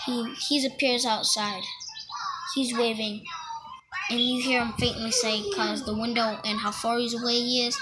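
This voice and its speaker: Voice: mid-range voice, flat delivery, normal speed, rough recording. A child casually retelling a fan-made story, rambling and correcting themselves as they go. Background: music playing.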